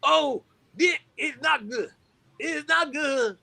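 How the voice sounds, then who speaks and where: A man voicing an impression of an older soul singer, pleading and shrieking in a high put-on voice. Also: slow pace, vocal fry, pushed and bright, no room sound, full character voice.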